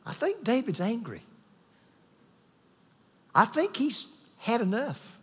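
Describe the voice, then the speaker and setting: A man delivers a sermon with sweeping, lively pitch, retelling a Bible story and acting out its people. His voice is husky and sits high for a man. The sound carries the long reverb of a large hall. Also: slow. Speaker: pastor.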